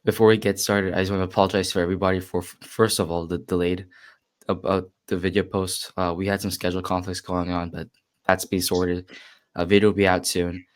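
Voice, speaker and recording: Teen guy hosting a chatty podcast, voice half gone, really low. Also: level tone, fairly quick. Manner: chatty, filler-heavy, upbeat welcomes. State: lost his voice. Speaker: podcast host. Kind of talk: casual podcast interview.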